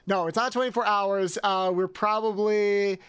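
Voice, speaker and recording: A man streaming a video game live, chatting with viewers, excitable and prone to swearing and yelping outbursts. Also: high-pitched, normal speed, smooth.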